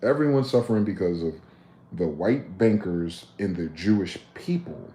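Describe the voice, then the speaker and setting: Late-30s male livestreamer, lowish voice, heated preachy rant, echoey room. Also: animated, normal speed. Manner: heated, profane, preachy rant with sharp swings in loudness. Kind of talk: ranting livestream monologue. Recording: roomy echo.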